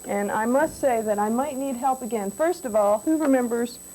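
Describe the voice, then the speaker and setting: A woman giving a music lesson to young children in a classroom, patient and gentle, asking them questions. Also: fairly high pitch, normal speed, slight background noise, poor audio. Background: banjo playing.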